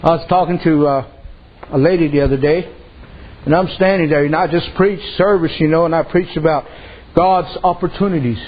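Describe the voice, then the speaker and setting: A man's voice: fairly high pitch, fairly even intonation, brisk. A man preaching a sermon in a folksy, conversational way, telling stories and rising in intensity as he presses his points. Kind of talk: sermon with storytelling. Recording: dull lo-fi with faint hiss.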